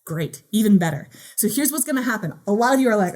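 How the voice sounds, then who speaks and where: A woman giving a motivational keynote talk in a playful, animated way, acting out the voice in her head. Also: medium pitch, fast. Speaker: keynote speaker.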